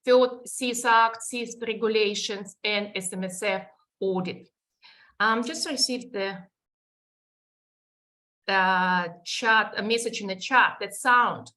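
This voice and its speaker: A woman's voice: medium pitch, slow, bright, forceful tone. Russian-accented woman presenting a webinar. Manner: explanatory, with many restarts and fillers.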